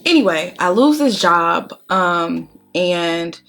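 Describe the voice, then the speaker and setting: A woman's voice: lowish voice, lively intonation, slow pace, fairly bright tone, soft background music. A woman vlogger talking casually while doing her makeup, telling her story bluntly with lots of cursing and strong emotion. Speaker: beauty vlogger.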